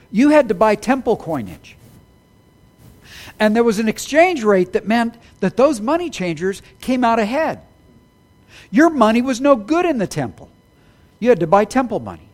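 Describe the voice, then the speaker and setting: Male preacher, high voice, lively and emphatic from the pulpit. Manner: animated, rising to emphatic peaks, apologetic asides. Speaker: pastor. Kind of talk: sermon.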